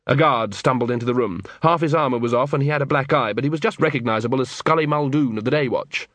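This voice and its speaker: A man giving scripted audiobook narration in a measured storytelling manner. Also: medium pitch, fairly bright tone, no room sound.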